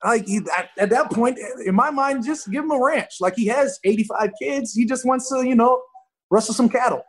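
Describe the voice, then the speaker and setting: A man chatting as a guest on a podcast, telling animated stories and acting out quoted voices. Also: extremely high pitch, moderate pace. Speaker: guest football player. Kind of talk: casual podcast chat.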